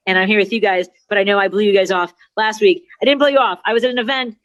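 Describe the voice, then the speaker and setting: A middle-aged woman from Chicago, a comedian with a migraine, telling an animated, mock-outraged story over a video call. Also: mid-range voice, fast talker, no echo, lo-fi sound. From Chicago, USA. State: suffering a migraine. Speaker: comedian and talk show host guest. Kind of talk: stand-up style ranting story.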